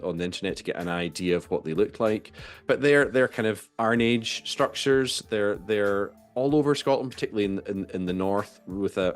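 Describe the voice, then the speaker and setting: A man hosting an archaeology podcast in a casual, enthusiastic way, often repeating words as he starts a sentence. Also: low voice. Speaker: podcast host.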